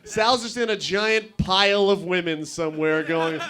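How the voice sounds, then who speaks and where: Young guy doing open mic standup, kinda high voice, crude rambling jokes, chats with the crowd. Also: fairly even intonation, unhurried, a bit bright. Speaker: stand-up comedian.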